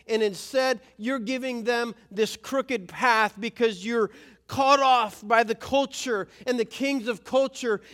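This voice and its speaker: Pastor, male, high tenor register, chatty sermon delivery with acted-out quotes. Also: a bit bright. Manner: conversational, acts out quoted voices.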